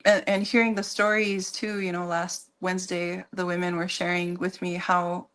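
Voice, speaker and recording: A woman talking as a guest on a radio show in a casual, halting way, with many fillers and restarts. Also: on the low side, flat delivery, fairly bright tone. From Minnesota. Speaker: guest, community organization leader.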